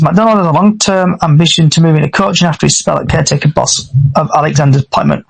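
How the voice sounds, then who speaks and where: A man's voice: on the high side, gravelly, low-quality recording. A man hosting a casual fan podcast, reading out news items and then asking each panelist for their view. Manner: reads club news aloud, then polls the panel. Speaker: podcast host.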